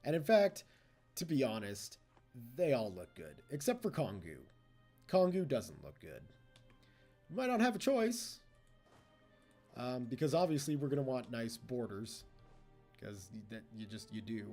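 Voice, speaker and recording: A man's voice: mid-range voice, sing-song, unhurried, pauses often, a little mellow, faint music behind. A man giving casual gameplay commentary as a let's play host, chatty and teasing the computer opponents.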